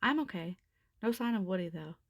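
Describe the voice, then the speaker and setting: A formal, commanding male space ranger toy who speaks in earnest, polite sentences, played by a woman reading a storybook. Gravelly in tone, close and dry. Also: mid-range voice, expressive, a little fast, no echo.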